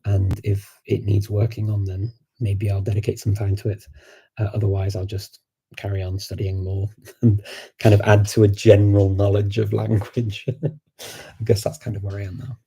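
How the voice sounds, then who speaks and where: During a relaxed livestream Q&A, a Liverpool man with a Scouse accent rambles about language learning, full of fillers and false starts. He speaks at normal speed in a fairly low, flat, gravelly voice that is mellow and husky.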